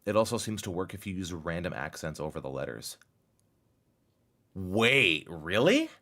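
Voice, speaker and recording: Young man streamer, lively low voice. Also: fast. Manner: swings from muttering to excited exclamations. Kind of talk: live stream chat with viewers.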